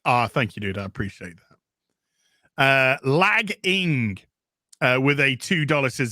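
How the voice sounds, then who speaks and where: Give me a man with a higher, animated voice and crude, joking banter on a livestream. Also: moderate pace, dry recording, studio quality. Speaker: host reading superchats. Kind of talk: casual livestream chat.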